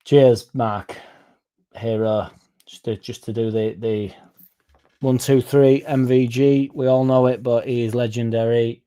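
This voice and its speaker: A man's voice: mid-range voice, steady tone, measured pace, dark tone, smooth. A young man hosting a casual livestream, reading out comments and going off on sweary, rambling tangents. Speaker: fan channel livestream host.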